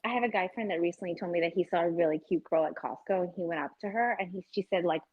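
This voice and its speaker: A woman's voice: fairly low pitch, rapid-fire, no room sound, muffled recording. A young adult woman co-hosting a podcast in casual chat, candid and swearing freely with frequent laughs. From lives in Los Angeles. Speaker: podcast co-host.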